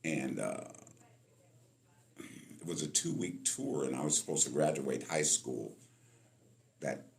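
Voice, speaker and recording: A man in his sixties from Los Angeles, a musician telling stories from his life as a guest in an interview, animated and acting out the people in them. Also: extremely low pitch, takes it slowly, gravelly, pauses often. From Los Angeles, California. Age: 60s. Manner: animated storyteller, acts out voices in his anecdotes. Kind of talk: storytelling interview.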